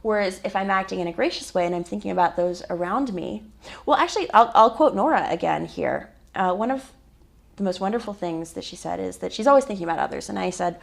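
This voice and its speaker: A woman from the United States, an author guest on a radio interview, telling anecdotes in a warm, easygoing way. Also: medium pitch, animated, fast talker, vocal fry. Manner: warm, anecdotal, laughs easily.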